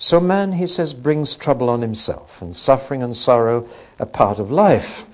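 A man's voice: medium pitch, animated, normal speed. A man giving a conversational Bible lecture, with wry asides and rhetorical questions to his audience. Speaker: Bible teacher.

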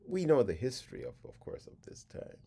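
A man giving a spoken lecture on song lyrics, in a deliberate, reflective way that sometimes drops to a hush. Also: mid-range voice, huge pitch swings, vocal fry, slightly rough.

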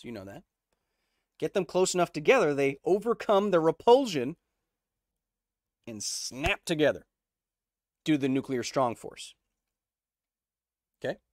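A man's voice: on the high side, dry recording, clean studio sound. A man hosting a casual livestream, explaining science conversationally, checking in with viewers and answering their chat messages. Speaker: host.

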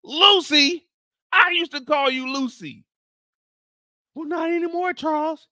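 A man voicing a defiant, fed-up middle-aged wife in a raised, sassy falsetto. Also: unhurried, pushed and bright, no echo, studio quality, full character voice.

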